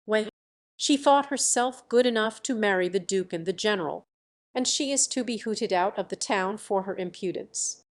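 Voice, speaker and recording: A band of young pages from a fairy tale, jeering and shouting as they chase a girl out of town, voiced by a woman reading aloud. Their lines sound mocking and rowdy. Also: mid-range voice, normal speed, natural voice.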